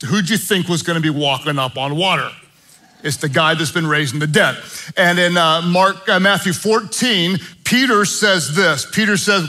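A man preaching a sermon as pastor, earnest, moving between hushed prayer and animated storytelling. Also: high-pitched, moderate pace, poor audio.

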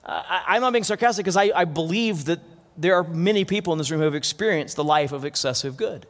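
A man's voice: on the high side, fast talker. A man preaching a sermon as pastor, earnest, often restarting and repeating words. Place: church hall. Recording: long hall reverb.

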